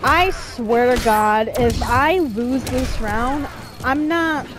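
A woman's voice: a little high, slow pace, over music. A woman playing a fighting game and commenting casually, frustrated and swearing constantly at the game. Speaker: gamer streaming a playthrough.

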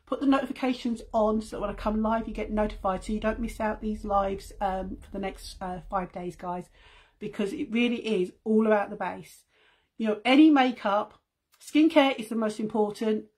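A middle-aged woman with a husky, mid-range voice chats casually with her viewers during a home live stream, rambling through asides and calling them guys. She sells makeup and hosts the stream, recorded on a phone microphone.

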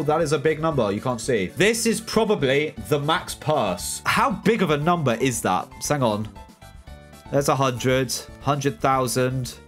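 A young British man talks to his viewers in a loose, rambling way as he plays, often restarting his sentences. His voice sits in an ordinary middle pitch. Soft music plays faintly behind him. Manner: laid-back, rambling with frequent restarts and fillers. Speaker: gaming streamer. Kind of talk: casual livestream chat, reading chat aloud.

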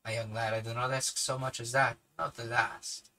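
A man voicing a grave, commanding elderly professor in a hushed, measured tone. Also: mid-range voice, flat delivery, rough recording. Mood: grave, kindly.

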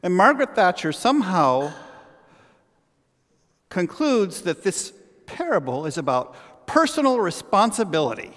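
A man preaching a sermon as pastor, telling a story with animated, halting restarts. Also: fairly high pitch. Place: church sanctuary. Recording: long church reverb.

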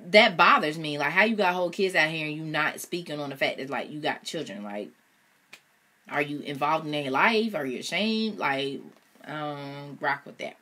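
A woman's voice: deep voice, moderate pace, bright, forceful tone. A woman reading a novel aloud, with casual chatty asides. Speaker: reader.

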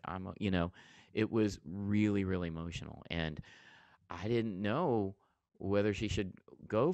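A man's voice: low-pitched, no room sound. A man giving a casual interview as a comedian and TV host, telling an earnest story and often restarting his sentences.

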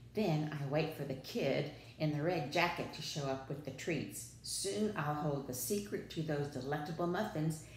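A woman doing a scheming storybook wolf, high and gloating. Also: slight background noise. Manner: gloating, sneering, stammering when caught. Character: scheming boastful male wolf villain. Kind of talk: storybook read-aloud. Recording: echoey room.

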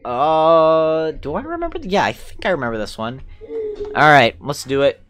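A man's voice: fairly high pitch, normal speed, smooth. A young man casually commentating his own video game playthrough, chatting to the characters and humming along. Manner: excitable, talks to the game characters, hums along, mild cursing. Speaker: gameplay commentator. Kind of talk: casual let's-play commentary. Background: game music.

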